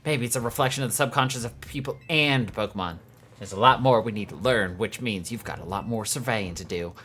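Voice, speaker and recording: A man's voice: fairly low pitch, brisk, fairly bright tone, slight background noise, lightly acted. A man drawling as a Southern game researcher. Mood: serious. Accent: put-on American Southern twang. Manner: reading game dialogue aloud in a drawl.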